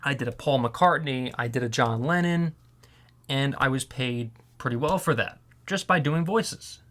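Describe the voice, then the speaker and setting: A man's voice: mid-range voice, normal speed, a bit bright. A man talks casually to the camera in a rambling way, with plenty of fillers and restarts. His voice sounds strained and worn out. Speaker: voiceover artist. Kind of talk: casual vlog talk.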